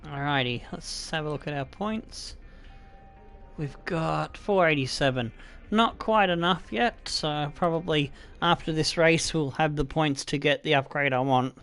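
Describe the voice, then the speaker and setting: A high-pitched Australian man narrates his racing game, cheering on the car and swearing at his laps. Between laps his talk is slow and unhurried. Faint music plays behind him. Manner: animated, swearing, talks to the car. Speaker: gaming video creator. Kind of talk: excited racing game commentary.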